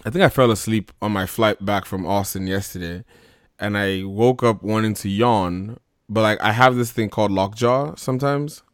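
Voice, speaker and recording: A man's voice: on the low side, clear, resonant tone, no echo, studio quality. A man hosting a casual podcast, joking and rambling with lots of fillers, tired after a long day. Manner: playful, jokey, rambling with fillers. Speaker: podcast host.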